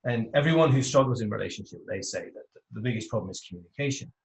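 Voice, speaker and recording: A man with a British accent, a podcast guest, explaining his ideas in a measured, reflective way. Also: mid-range voice, vocal fry, a little hiss or hum. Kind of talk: conversational interview. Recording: echoey room sound.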